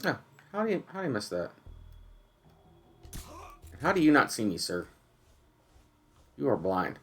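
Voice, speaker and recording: A man's voice: mid-range voice, big pitch swings, measured pace, breathy edge, faint music behind. A man giving casual gameplay commentary with laid-back, jokey asides to viewers.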